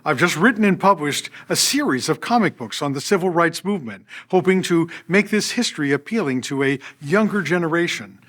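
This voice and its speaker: A man's voice: fairly high pitch, fairly quick, hardly any pauses. An older man, an orchestra's artistic director, narrating personal stories from a script and acting out what people said. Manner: animated, acts out quoted voices.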